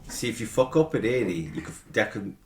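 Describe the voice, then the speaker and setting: Animated, swearing man in a roomy space. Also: fairly low pitch, fairly quick. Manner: profane, self-mocking, animated. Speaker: podcast host. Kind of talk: casual chat. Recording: roomy echo.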